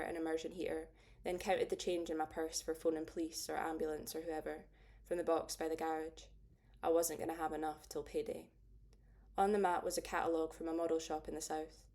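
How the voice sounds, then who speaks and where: A woman narrating a first-person audiobook in a steady, understated way. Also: low voice.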